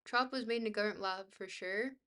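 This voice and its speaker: A woman's voice: medium pitch, pushed and bright, smooth. Woman streamer reading a book aloud. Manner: reads aloud haltingly, tripping over long words, chatty asides to viewers. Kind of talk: livestream book reading with chat asides.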